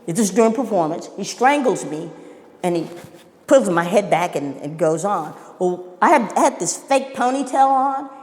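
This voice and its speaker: A woman's voice: fairly high pitch, darkish tone. A woman who acts on stage tells a casual anecdote expressively, with playful sound effects. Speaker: theater actor. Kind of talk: casual storytelling. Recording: long reverb.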